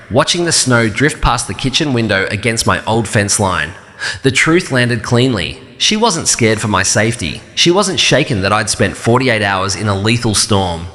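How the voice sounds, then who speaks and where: A man narrating a first-person story in a calm, even, measured way. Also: medium pitch, big-room sound.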